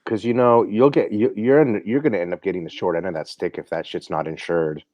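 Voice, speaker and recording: A man's voice: low-pitched, steady tone, brisk, no room sound, muffled recording. A man co-hosting a casual watch live stream, blunt and given to swearing and repeated words.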